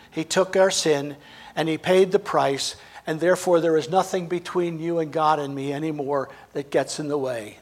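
Male preacher, husky tone, dramatic sermon delivery with big swings in loudness. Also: a little high. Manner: dramatic, swings between emphatic and hushed.

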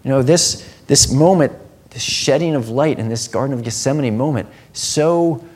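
A man preaching a sermon, earnest, dropping to a hushed tone and then rising to emphatic passages. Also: mid-range voice, normal speed, husky.

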